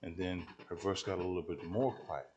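A man with a low voice delivers a sermon as a story. He acts out each person in the exchange, and his volume runs from near whispers to loud, emphatic cries. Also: fairly even intonation, brisk, lo-fi sound. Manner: acts out dialogue, swings from hushed to shouting. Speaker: preacher.

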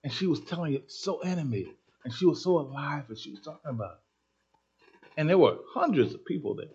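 A husky-voiced male preacher delivering a sermon, excitable and emphatic as he tells his story. The recording is dull and lo-fi. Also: on the high side, a little fast.

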